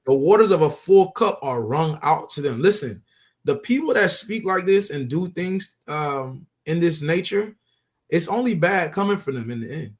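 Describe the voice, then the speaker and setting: A man teaching scripture in loose street talk, pressing each point with emphasis and repeated phrases. His voice is high for a man. He keeps it conversational, speaking to a partner. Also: lively intonation, moderate pace. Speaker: religious teacher.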